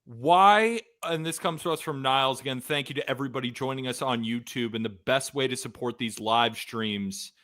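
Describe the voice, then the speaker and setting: A man hosting a live sports podcast, reacting excitedly and rambling after a game. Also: medium pitch, moderate pace, hardly any pauses.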